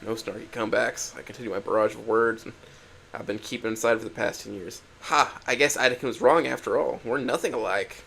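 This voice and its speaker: A man's voice: medium pitch, fairly even intonation, brisk, vocal fry, fairly bright tone, breathy edge. A man narrating a first-person dramatic story, emotional and swinging from hurt to angry outbursts.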